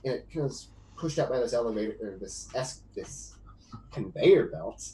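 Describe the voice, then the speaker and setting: A man's voice: mid-range voice, lively intonation, moderate pace, roomy sound, noisy background. A man narrating as game master of a tabletop game, in a loose, rambling way full of fillers.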